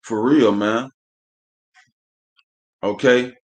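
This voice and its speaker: A man's voice: mid-range voice, steady tone, very slow. Fiery, cussing preacher man. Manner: heated, profane, preachy, leans on "man" at phrase ends. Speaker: religious teacher. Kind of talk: fiery live-streamed scripture class.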